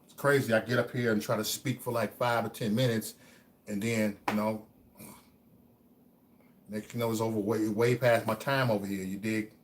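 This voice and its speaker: His voice is lowish and level, at a moderate pace broken by long pauses. A livestream host giving his chat a pep talk, he repeats phrases over and over, stammers on single words, and alternates between hushed musing and loud preaching.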